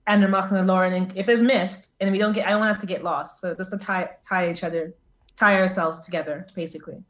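A woman's voice: on the low side, fairly even intonation, fast. Polite woman at a game table. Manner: polite, cautious. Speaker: player. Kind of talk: casual tabletop play.

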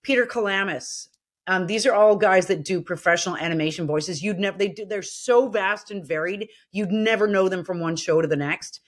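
Animated middle-aged actress telling stories. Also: female voice, medium pitch, fairly quick. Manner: animated, acts out quoted voices. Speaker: actor guest. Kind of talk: casual interview storytelling.

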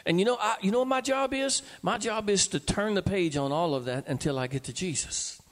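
Preacher guy, high voice, gets loud and fired up, long church echo. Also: brisk. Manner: preaching, building to loud emphatic peaks. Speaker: pastor. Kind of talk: sermon. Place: church sanctuary. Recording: long reverb of a church hall.

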